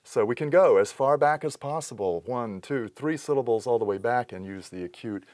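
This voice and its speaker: A man's voice: mid-range voice, normal speed, darkish tone, slight background noise. A man giving a recorded lesson, explaining step by step in a methodical way and correcting himself now and then. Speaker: teacher. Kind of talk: recorded lecture.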